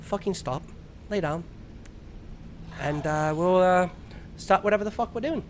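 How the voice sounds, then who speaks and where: A man putting on a drowsy, rambling sleep-story narrator, mumbling low. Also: unhurried, a little hiss or hum. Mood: sleepy.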